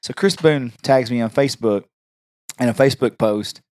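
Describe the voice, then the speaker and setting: A man's voice: mid-range voice, moderate pace, darkish tone, no room sound, clean studio sound. A man, co-hosting a podcast and telling rambling stories in casual chat. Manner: rambling, with many restarts and fillers. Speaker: podcast co-host.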